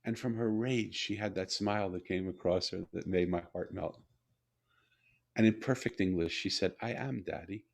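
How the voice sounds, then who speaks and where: An older man telling a personal story in a conversational interview, animated and repeating words as he builds his point. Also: low voice, moderate pace, creaky. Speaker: guest, author and CEO.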